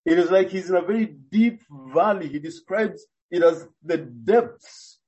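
A man preaching a sermon, expounding earnestly and deliberately, with frequent hesitations. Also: high voice, expressive, a little mellow, muffled recording.

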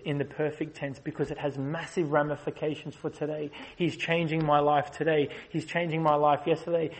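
A man delivering a sermon as a visiting preacher, his voice sitting a little high. He builds to loud, passionate peaks, then drops into soft, slow explaining. The delivery is earnest and driving throughout. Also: poor audio. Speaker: guest preacher.

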